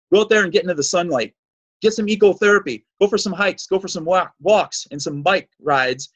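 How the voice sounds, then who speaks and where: A man's voice: a little high, fairly bright tone, rough recording. A man hosting a fitness show, giving an emphatic, preachy solo monologue full of repeated points.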